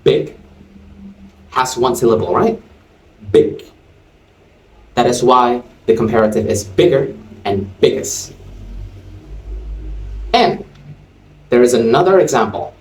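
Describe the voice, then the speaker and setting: Slow, deliberate male English teacher. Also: mid-range voice, distant mic. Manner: slow, deliberate explaining with spelled-out endings. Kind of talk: English grammar lesson. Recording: roomy sound from off-mic.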